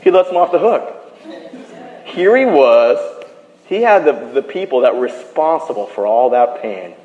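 A pastor delivers a lively storytelling sermon, leaning in and dropping his voice low for the characters' words. His man's voice sits at an ordinary middle pitch. The sound carries the echo and long reverb of a big hall. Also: moderate pace, dull audio. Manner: animated storytelling, drops to a hush for quoted lines. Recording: echoey hall.

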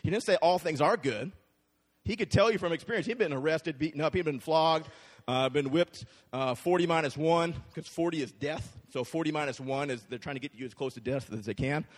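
A man preaches to a congregation in a relaxed, conversational way, often checking in with his listeners. His voice sits a little high for a man. A long reverb from a large church hall hangs behind every phrase. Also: fairly quick. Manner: conversational, checks in with the crowd with frequent "right?". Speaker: pastor. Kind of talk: sermon.

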